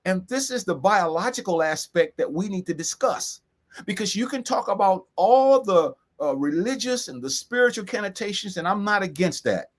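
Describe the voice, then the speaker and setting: An emphatic man in co-hosts a serious talk, voice pitched high. He drives points home by repeating key phrases slowly. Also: animated. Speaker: co-host. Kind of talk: earnest discussion.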